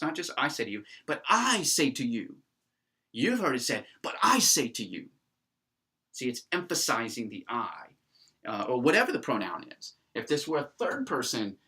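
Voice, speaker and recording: Male lecturer, lively pitch, emphatic classroom delivery with frequent ums. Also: moderate pace. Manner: animated, emphatic, with many fillers. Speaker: Greek teacher.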